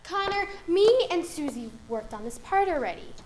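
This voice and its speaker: A woman's voice: high-pitched, big pitch swings, normal speed, crowd noise. A woman playing a fussy, theatrical female drama teacher who coaxes her students and calls them dear, in a student film. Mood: theatrical coaching. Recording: roomy echo.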